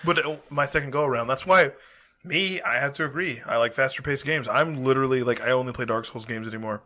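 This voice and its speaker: Bright-voiced young man, profane and animated. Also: medium pitch, fast talker. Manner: profane, animated storytelling, laughs often. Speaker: podcast co-host. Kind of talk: casual podcast chat.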